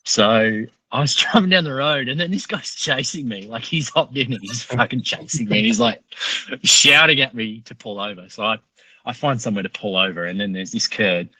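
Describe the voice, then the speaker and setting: Profane, bright-voiced Australian man. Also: mid-range voice, normal speed, dry recording, poor audio. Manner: profane, animated storyteller. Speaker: podcast guest. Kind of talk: casual storytelling.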